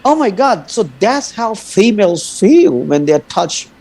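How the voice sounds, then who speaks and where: Animated man in his thirties, from India. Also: sits high, a little slow, slight background noise, poor audio. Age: 30s. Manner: animated storyteller, swears freely, laughs often. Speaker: guest. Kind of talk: casual chat.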